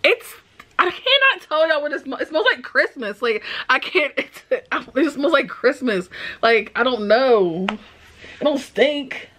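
A woman vlogger talks casually to camera. Her voice sits a little high and swoops widely up and down. She talks in a dramatic, squeamish way. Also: expressive, measured pace, a bit bright. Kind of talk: casual vlog chat to camera.

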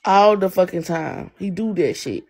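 A woman's voice: fairly low pitch, lively intonation, normal speed, a little mellow, slightly rough. A young adult woman on a livestream, ranting in a heated, profane, repetitive way and answering her chat. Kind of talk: angry live-stream rant.

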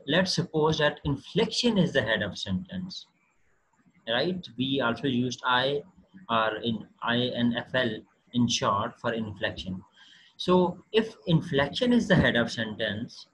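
A man giving a recorded linguistics lecture, talking haltingly with many fillers and restarts. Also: medium pitch, a bit bright, breathy edge, rough recording.

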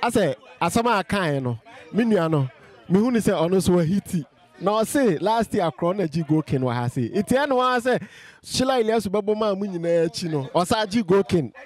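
A man with a Ghanaian accent runs a casual street interview, throwing out lively, teasing questions. His voice sits a little high. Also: normal speed.

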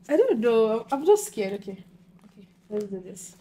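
An excitable young woman from Nigeria chats to her viewers in a bright, fairly high voice. She giggles often and swings quickly from nervous to thrilled, keeping it casual and direct. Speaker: book vlogger. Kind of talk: casual chat to camera.

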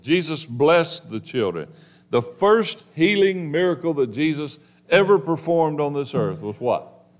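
Man, pastor, preaching a sermon, emphatic, addresses the congregation, loud then hushed. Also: medium pitch. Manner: swings between loud emphasis and hushed, slow delivery.

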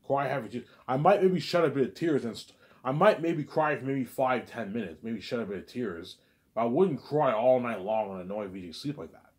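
A man's voice: medium pitch, expressive, fairly quick, darkish tone. A man delivering a rambling, agitated vlog monologue, stammering and repeating himself. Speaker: vlogger.

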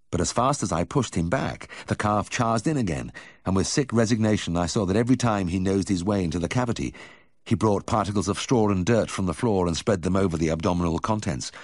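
Husky low-voiced male audiobook narrator. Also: a little mellow, no echo, clean studio sound. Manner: measured, vivid storytelling. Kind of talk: first-person memoir reading.

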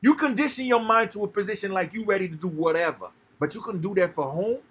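A man's voice: high voice, quick pace, fairly bright tone, breathy edge. Fired-up man preaching in casual talk. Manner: impassioned, profane, preachy. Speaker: podcast co-host. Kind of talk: heated political chat.

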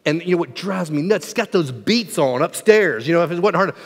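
A pastor preaching a sermon in a church sanctuary, dropping to near-whispers and rising to shouts. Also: male voice, a little high, lively intonation, fairly quick, background noise. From Southern United States. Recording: long hall reverb.

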